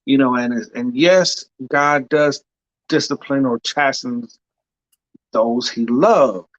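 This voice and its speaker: A man co-hosting a faith podcast, reflecting on scripture in a slow, thoughtful way and often pausing to search for words. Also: medium pitch, muffled recording. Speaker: podcast co-host. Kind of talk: reflective casual discussion of scripture.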